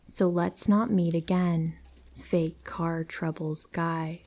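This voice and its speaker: Woman, lowish voice, hushed horror narration, frequent whispers, scripted reading. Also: steady tone, slow. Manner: soft, hushed storytelling, slipping into whispers. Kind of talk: scripted narration of listener stories.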